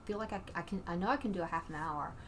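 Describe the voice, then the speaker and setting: A woman comedian chatting as a podcast guest in a lowish voice. She circles back on her points, repeating phrases with earnest conviction. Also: rapid-fire, a bit bright, slight background noise. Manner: rambling, repetitive, earnest. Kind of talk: casual chat.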